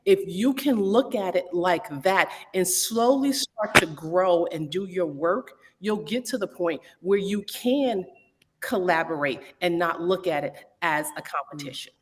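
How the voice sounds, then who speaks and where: A woman with a somewhat low voice, heard with a long reverberant trail. She speaks in a measured, instructive way. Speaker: studio owner panelist.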